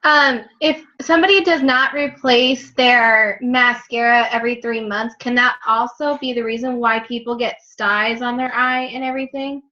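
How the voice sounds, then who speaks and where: A woman's voice: on the high side, fairly even intonation, moderate pace, hardly any pauses, bright, forceful tone, lo-fi sound. A woman in the class asking a hesitant question. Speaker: class participant.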